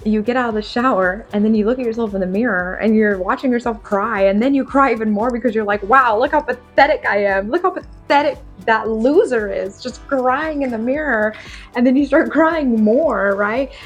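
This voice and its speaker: A young woman vlogging to camera, telling her story in a candid, chatty, self-deprecating way and laughing often. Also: medium pitch.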